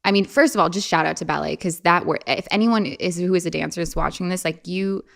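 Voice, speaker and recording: A young woman talking casually as an interview guest, animated and chatty, often putting on a playful high voice when quoting. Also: fast, gravelly.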